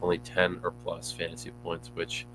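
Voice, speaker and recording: A man's voice: deep voice, completely flat delivery, normal speed, background noise. A man co-hosting a casual fantasy football show, easygoing and chatty, hedging his points. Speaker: podcast co-host.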